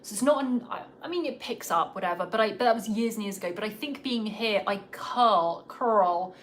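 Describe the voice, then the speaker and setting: A woman's voice: mid-range voice, a little fast, a little hiss or hum. A woman from England with a slightly Americanized English accent, chatting casually and rambling on a podcast livestream. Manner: chatty, self-deprecating, rambling. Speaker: podcast host. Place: home in Los Angeles.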